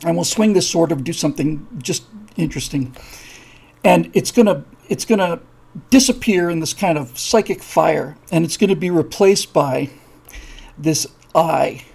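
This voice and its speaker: Gravelly, husky male show host. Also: on the high side, normal speed, darkish tone. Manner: rambling, many fillers, acts out voices in his stories. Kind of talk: casual live-show storytelling.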